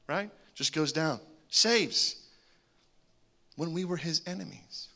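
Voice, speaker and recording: A man preaching a sermon, animated, with joking asides and swings between loud calls and hushed remarks. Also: a little high, takes it slowly. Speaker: pastor.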